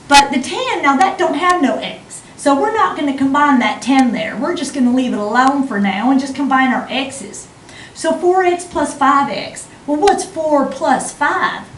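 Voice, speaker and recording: A woman's voice: high voice, a bit bright, echoey room, recorded from a distance, a little hiss or hum, poor audio. Woman putting on a folksy Southern teacher. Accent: Southern US, put on. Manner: folksy, drawling, chatty. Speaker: math teacher. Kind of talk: math lesson in a put-on accent.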